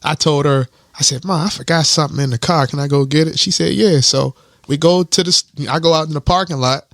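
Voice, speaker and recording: A man's voice: a little high, fast talker, fairly bright tone, dry recording, studio quality. A man co-hosting a podcast, telling a story in casual chat, laughing, teasing and swearing freely. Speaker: podcast co-host.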